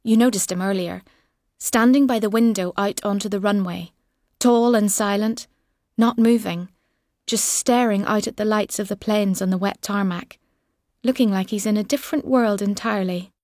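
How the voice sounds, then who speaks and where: A woman reading a literary story in the second person, measured and wry, with soft, lingering phrasing. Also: mid-range voice, no room sound, studio quality. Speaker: audiobook narrator.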